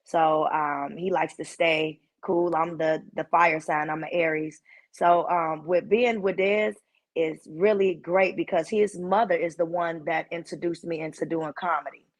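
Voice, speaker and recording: A woman's voice: low-pitched, a little slow. A woman comedian from Chicago with a heavy, punchy voice, telling stories in a casual chat and acting out the people she quotes. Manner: animated storyteller who acts out quoted voices. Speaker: guest comedian.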